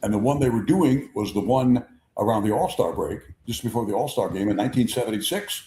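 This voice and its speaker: A man in his seventies hosting a sports talk show, telling rambling stories with lots of repeats and lively impressions. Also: lowish voice, brisk. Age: 70s. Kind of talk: conversational storytelling. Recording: echoey room.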